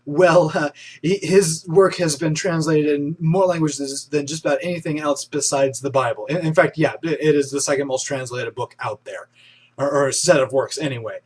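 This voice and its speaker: Husky, excitable young male news host. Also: fairly high pitch, moderate pace. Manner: chatty and enthusiastic, with frequent restarts and fillers. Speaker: host of an online news show. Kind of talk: casual news roundup.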